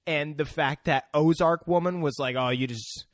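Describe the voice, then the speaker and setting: A man's voice: fairly high pitch, moderate pace, no room sound. A man co-hosting a podcast, chatting casually with laid-back joking asides. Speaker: podcast co-host. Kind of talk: casual chat.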